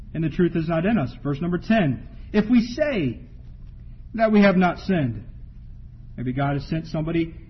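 A man's voice: sits high, breathy edge. A man preaching a sermon, reading Bible verses aloud and repeating key phrases for emphasis. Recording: dull lo-fi sound.

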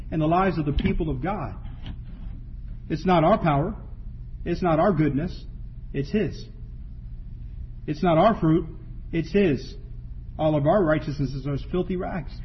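A man's voice: on the high side, a little hiss or hum. A man preaching a sermon, reading Bible verses aloud and repeating key phrases for emphasis. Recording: dull lo-fi sound.

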